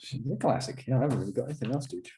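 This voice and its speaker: A man's voice: medium pitch, lively intonation, rapid-fire, mellow, a little hiss or hum. A man co-hosting a podcast, bantering casually and teasing his friend. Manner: teasing, laid-back banter. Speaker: podcast co-host. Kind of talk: casual chat.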